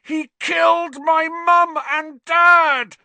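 Man voicing a loud raging 13 yr old boy, high pitched, audiobook, dry sound. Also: flat delivery, very slow, gravelly, no room sound, exaggerated voice. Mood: furious. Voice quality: raised, shouting. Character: furious thirteen-year-old boy wizard. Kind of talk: audiobook character voice.

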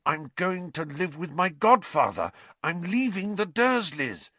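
A man's voice: high-pitched, sing-song, unhurried, no room sound, voice pushed up, exaggerated voice. A man putting on Harry, a desperate teen wizard. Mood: pleading. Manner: strained, urgent shouting. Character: desperate teenage boy wizard fighting dark creatures. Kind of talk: audiobook character voice.

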